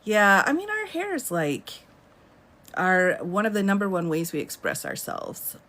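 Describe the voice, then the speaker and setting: A woman's voice: mid-range voice, huge pitch swings, a little slow, sharp tone. A woman in her thirties hosting a casual live stream from home, chatting and laughing often as she answers viewer comments. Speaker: livestream host.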